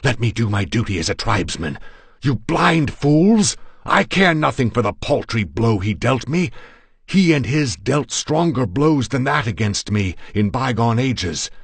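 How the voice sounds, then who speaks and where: A man's voice: medium pitch, big pitch swings, unhurried, gravelly, breathy edge, no echo, pitched above the performer's own voice, full character voice. A man voicing a raving man who screams curses at the friends holding him back. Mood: raging. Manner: screaming, ranting. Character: man in a murderous rage, screaming.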